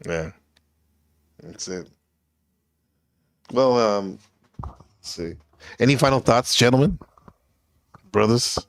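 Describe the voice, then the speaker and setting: A man's voice: mid-range voice, expressive, slow, long pauses, no echo. A man hosting a casual panel show, teasing his guests with loose, profane banter. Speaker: host.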